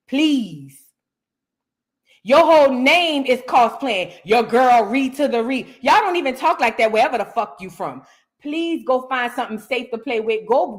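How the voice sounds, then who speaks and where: An American woman hosting a reaction show, giving heated commentary on viewer comments and repeating her lines for emphasis. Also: sits high. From United States.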